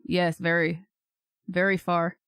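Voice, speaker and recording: Woman streamer, slow-paced, smooth clear voice, hesitant, laughs at herself, dry close mic. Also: on the low side, level tone, fairly bright tone, dry recording. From California. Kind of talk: casual livestream chat.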